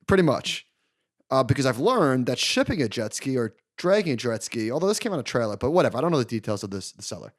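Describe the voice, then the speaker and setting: A man in his thirties co-hosting a podcast, telling a long story in an animated, casual way and laughing along. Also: mid-range voice, fast talker. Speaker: podcast co-host. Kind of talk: casual chat.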